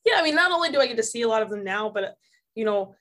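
A young woman reporter who is a podcast guest, reminiscing in a relaxed way with lots of fillers. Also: on the high side, rapid-fire. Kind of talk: casual interview chat.

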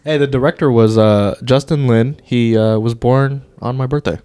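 A man's voice: medium pitch, fairly even intonation, moderate pace, dark tone, clear, resonant tone, no room sound. A man co-hosting a casual movie review podcast, loose and jokey, swearing and stumbling over names. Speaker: podcast co-host.

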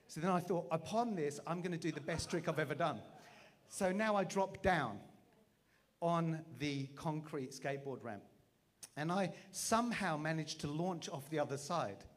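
A man, preaching through a funny personal story with a self-mocking, animated manner and acted-out voices. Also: fairly high pitch, normal speed. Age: 40s. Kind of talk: storytelling sermon.

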